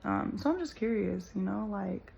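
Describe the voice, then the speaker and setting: Woman thinking out loud to her viewers, super creaky fry voice, kinda muffled audio. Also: mid-range voice, expressive, normal speed, a little hiss or hum. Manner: earnest and searching, many "like" and "you know" fillers. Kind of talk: casual spoken reflection to viewers.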